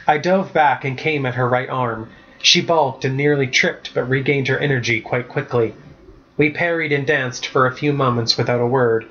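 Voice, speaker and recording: Male author narrating his book, steady and even, mid-pitch, muffled lo-fi sound. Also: moderate pace. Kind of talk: storybook narration. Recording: muffled lo-fi recording.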